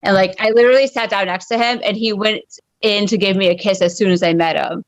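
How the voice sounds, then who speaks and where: Speaking fast in a mid-range voice with fairly even intonation, a woman in her thirties delivers an exasperated, blunt stand-up rant via video call. She curses constantly and pads every line with fillers; the audio is dull with no room sound.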